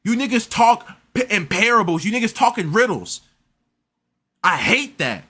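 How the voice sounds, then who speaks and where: A man rants through a reaction commentary in a high, bright voice that jumps all over the place. He sounds exasperated and rambles, stumbling and repeating words as he goes. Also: sing-song, normal speed, husky. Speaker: reaction streamer.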